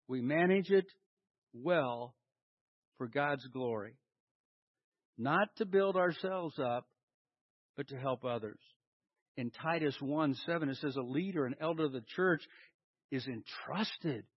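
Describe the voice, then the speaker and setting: A male pastor delivering a sermon, swinging between loud emphasis and quiet asides, and leading the congregation in call and response. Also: high-pitched, slightly rough, dry recording, dull audio. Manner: dynamic preaching with big swings in loudness and emphasis. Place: church hall with a congregation.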